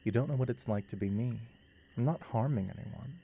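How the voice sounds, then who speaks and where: A man voicing a gentle, humble man who lives in the wild, speaking softly and earnestly in a video game scene. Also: medium pitch, brisk, gravelly, slight background noise, natural voice.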